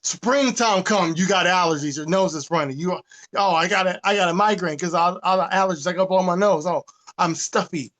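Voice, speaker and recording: A man's voice: sits high, a little fast. A man, ranting with profanity in a casual podcast talk. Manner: animated, profane, preachy. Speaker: podcast host. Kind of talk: casual rant.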